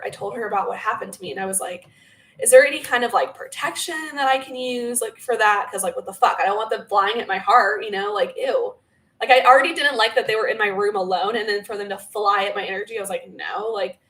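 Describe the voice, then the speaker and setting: A woman's voice: mid-range voice, fairly bright tone, rough recording. A young woman vlogger telling a personal story in casual chat, full of filler words and swearing freely. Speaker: spiritual vlogger.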